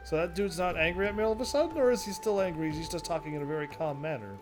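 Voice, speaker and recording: A man's voice: a little high, expressive, racing, over music. A young man casually commentating as he plays a game, joking and laughing to himself. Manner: jokey, laughs often, talks to himself. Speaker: gaming streamer. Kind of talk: casual let's-play commentary.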